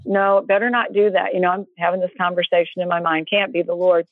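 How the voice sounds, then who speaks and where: A woman guest telling personal faith stories in a casual, animated way, acting out what people said. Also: on the low side, fast, dry recording. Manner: animated, acts out quoted voices. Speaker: guest storyteller. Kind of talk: casual testimony storytelling. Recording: tinny phone line, dry.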